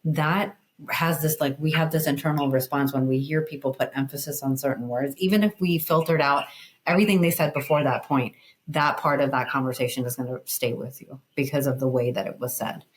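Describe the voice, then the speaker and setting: A woman talking as a guest in a casual interview, explaining her points in an animated, emphatic way with plenty of "like". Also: very deep voice, brisk, rough recording. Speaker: guest, communication educator.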